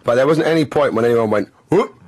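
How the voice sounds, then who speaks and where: A male radio host talking fast in a husky voice. He chats casually with a guest, with a dry, wry, self-deprecating humour. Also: mid-range voice, a little mellow. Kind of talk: casual chat.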